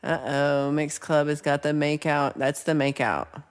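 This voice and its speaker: A woman's voice: low voice, flat delivery, a little slow, smooth. A woman hosting a casual livestream, chatting, teasing and laughing as she reads viewer comments. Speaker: livestream host.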